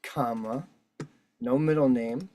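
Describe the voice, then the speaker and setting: A man's voice: mid-range voice, slow, mellow, a little hiss or hum. A man hosting an online meeting, walking through a form in a casual, profane, combative way. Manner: profane, combative, talks while filling out a form. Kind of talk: casual instructional walkthrough. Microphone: video call.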